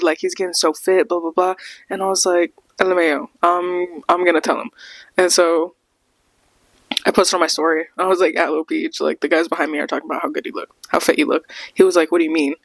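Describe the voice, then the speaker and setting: A woman's voice: on the low side, dry recording. A young woman hosting a podcast, telling a casual storytime with lots of laughs and acted-out quotes. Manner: animated, laughs often, acts out quotes. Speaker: podcast host.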